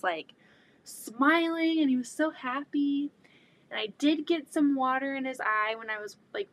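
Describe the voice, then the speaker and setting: A woman in her thirties chatting casually while sewing, rambling about her kids and often quoting people in an excited voice. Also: a little high. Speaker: quilting vlogger and mother. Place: home sewing room.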